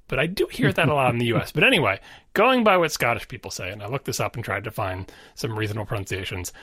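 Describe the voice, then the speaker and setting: A man's voice: medium pitch, sing-song, quick pace, pushed and bright, husky, dry recording. A man co-hosting a podcast, chatting casually and explaining with a wry, conversational manner. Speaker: podcast co-host. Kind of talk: casual chat.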